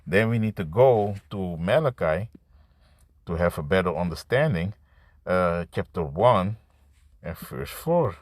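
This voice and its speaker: This street-style preacher, a man with a deep voice and lively intonation, improvises a scripture sermon to camera with no echo. His delivery is halting and repetitive, restarting words and ending lines with "man" and "you see."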